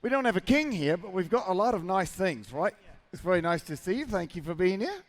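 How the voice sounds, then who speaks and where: A man's voice: sits high, big pitch swings, a little fast. A man playing a jokey Australian-accented voice to tease fans, with a playful, exaggerated mock accent. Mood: teasing. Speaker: rodeo arena entertainer.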